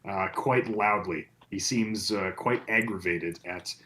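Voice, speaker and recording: A man's voice: low-pitched, unhurried, pushed and bright. A man narrating as game master, recapping the story with frequent fillers. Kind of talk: narrating a tabletop horror game.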